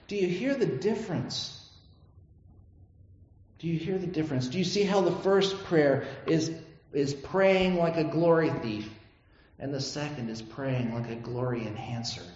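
A man preaching a sermon, his slightly high voice earnest and full of rhetorical questions. The sound is dull and lo-fi, and it rings with a long, heavy echo from a large church hall. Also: lively intonation, a little slow, darkish tone. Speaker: pastor.

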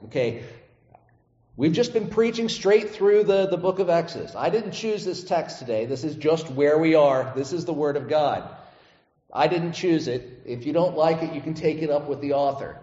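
Pastor, male, conversational sermon, somewhat high voice, long echo from a church hall, dull lo-fi capture. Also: normal speed, dark tone. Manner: conversational, asks the congregation "right?" often. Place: church sanctuary.

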